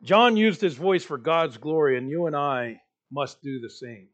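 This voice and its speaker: Man, pastor, sermon in a church, high voice, muffled recording. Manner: preaching with rising emphasis and pauses.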